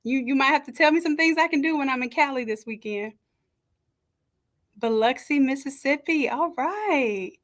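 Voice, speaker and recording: High-voiced woman hosting a chatty livestream. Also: moderate pace. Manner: chatty, greets each viewer warmly by name. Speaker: livestream host and design coach. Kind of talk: live-stream chat greeting viewers. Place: home setup with makeshift camera stand. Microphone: camera on a stand.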